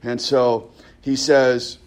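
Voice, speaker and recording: A male preacher speaks with a medium-pitched, flat delivery, drawing out his words. His sermon is conversational and full of restarts and stammered repeats, with scripture read aloud in rising emphasis.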